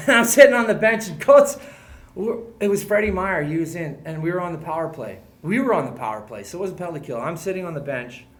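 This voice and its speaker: A man, a former hockey player, telling animated stories in casual chat as a guest, often laughing and swearing casually. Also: a little high, fast talker.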